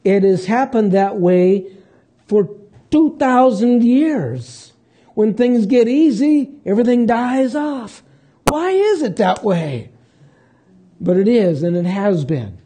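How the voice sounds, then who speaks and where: A male pastor gives a sermon in a relaxed, conversational way, stopping and restarting as he thinks aloud. His voice sits fairly high for a man, yet it sounds deeply mellow and a little breathy. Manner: conversational preaching with pauses and restarts.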